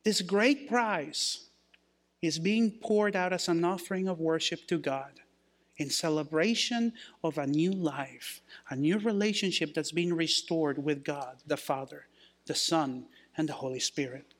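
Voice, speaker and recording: A man with a high voice preaching a sermon as pastor. He quotes scripture and slows down to put weight on key phrases.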